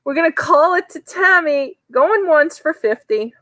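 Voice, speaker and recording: A woman's voice: high voice, expressive, unhurried, a bit bright, poor audio. A woman with a New York accent calling a live online auction, chatty and teasing bidders by name.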